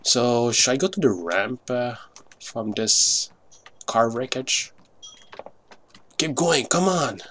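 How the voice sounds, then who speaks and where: A man's voice: mid-range voice, animated, slow, pauses often, bright, forceful tone. A man giving live gameplay commentary, swearing often in frustrated outbursts over keyboard clicks. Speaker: gamer.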